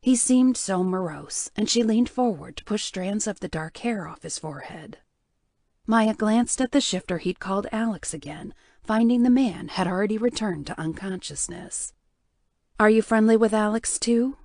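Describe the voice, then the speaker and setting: In an even, measured way, a woman with a mid-range voice tells a story as an audiobook narrator reading a script. There's no room sound, and the quality is studio grade.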